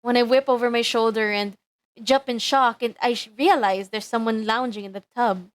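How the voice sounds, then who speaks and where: A woman's voice: a little high, fairly even intonation, normal speed, no room sound. A woman streamer reading a visual novel aloud in a dramatic, earnest way. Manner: earnest, self-conscious, giggly asides.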